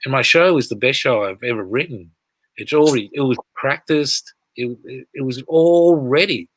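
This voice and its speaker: A man telling stories as a comedian guest on a video call, rambling and animated, shouting out quoted lines. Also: mid-range voice, normal speed, no echo. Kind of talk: casual interview storytelling.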